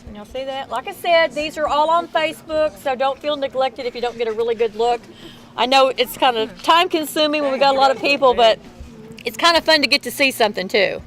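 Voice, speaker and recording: Telling ghost stories outdoors on a nighttime street tour of a town, the middle-aged guide talks to her crowd in a folksy, chatty style with a Southern Texas accent. Her voice sits high, fairly quick and fairly bright. It was captured on a camera held by a tour member, with poor audio.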